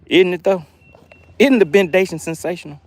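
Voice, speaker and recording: A man hosting a live fishing stream from a boat on a lake, chatting with viewers and getting excited over his catches. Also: high-pitched, moderate pace, dry recording. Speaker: fishing livestream host. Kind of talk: live fishing stream, reading chat aloud.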